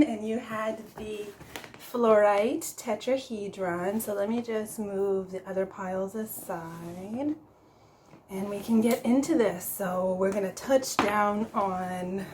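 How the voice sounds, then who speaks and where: A woman giving a casual tarot reading for her vlog, chatty and quick to laugh, often stopping to correct herself. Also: mid-range voice, darkish tone, reverberant, slight background noise, low-quality recording. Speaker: tarot reader.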